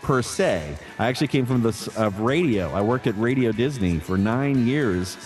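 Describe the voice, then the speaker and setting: A man who works as a voice actor, answering interview questions in a relaxed, chatty way with frequent fillers and restarts. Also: medium pitch, moderate pace, soft background music.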